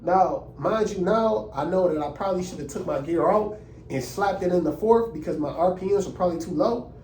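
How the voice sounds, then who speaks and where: Give me an animated young man with a high voice telling a story in a roomy, echoey space. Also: fairly quick, distant mic, a little hiss or hum. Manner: animated and indignant, heavy slang. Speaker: vlogger. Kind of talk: casual storytelling.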